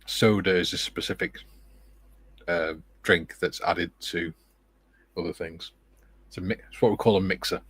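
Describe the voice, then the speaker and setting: A laid-back British man with a lowish voice hosts a casual livestream, reading out viewer comments and tossing in joking asides. The sound is close and dry, with no room around it. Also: unhurried, pauses often, breathy edge, no room sound. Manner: relaxed, chatty, with joking asides. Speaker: livestream host.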